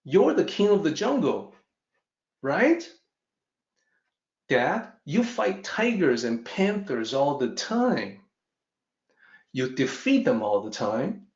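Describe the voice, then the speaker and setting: A man's voice: a little high, sing-song, slow, pauses often, a little mellow, full character voice. A man voicing a curious, indignant young lion cub who asks pleading questions, in a teaching story. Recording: roomy, dull lo-fi audio.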